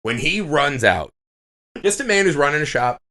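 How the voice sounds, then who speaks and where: Lively, bright-voiced swearing man. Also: on the high side, normal speed. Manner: animated storytelling, swears freely. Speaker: podcast co-host. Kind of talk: casual chat.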